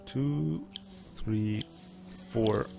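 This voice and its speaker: Let's-play gamer, man with a German accent, mid-pitched, muttering his plans aloud over faint music. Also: very slow, creaky. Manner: thinking aloud, muttering asides to himself. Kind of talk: casual strategy game commentary.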